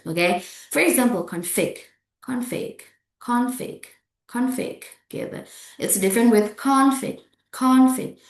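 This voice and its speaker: Slow-paced woman teaching in an echoey room. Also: medium pitch, a little mellow. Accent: Indonesian. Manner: drills words aloud, many fillers and checks like "okay?". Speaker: English pronunciation lecturer. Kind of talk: classroom lecture with repeated model words.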